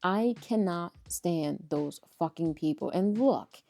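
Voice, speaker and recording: A woman's voice: on the low side, lively intonation, takes it slowly, creaky, dark tone, faint music behind. A woman hosting a commentary channel, ranting bluntly and swearing freely in a fed-up tone. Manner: blunt, profane, exasperated ranting. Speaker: commentary host.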